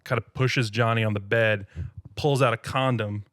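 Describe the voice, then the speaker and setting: A man's voice: lowish voice, fairly even intonation, moderate pace, a bit bright, no echo, clean studio sound. A man co-hosting a podcast, retelling a bad movie in casual, jokey chat with lots of laughter. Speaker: podcast co-host.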